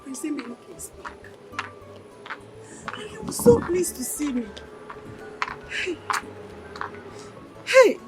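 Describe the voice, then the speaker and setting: A woman's voice: high voice, very animated, slow, long pauses, over loud music, full character voice. An actress with a Nigerian accent playing an unhappy wife who dramatically laments her marriage. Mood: lamenting. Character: unhappy married woman regretting her husband.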